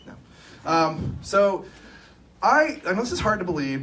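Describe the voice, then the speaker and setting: Speaking at a live talk, this Sacramento-born, middle-aged co-owner of an engineering firm shares personal stories full of self-deprecating humor. His slightly high voice swings hugely in pitch at a normal speed, and the distant mic catches faint room ambience amid a noisy background.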